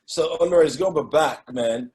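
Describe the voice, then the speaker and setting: A host hosting a live online event, hyping up the audience in the chat and filling time during connection trouble. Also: mid-range voice. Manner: hypes up the chat, slow and lively.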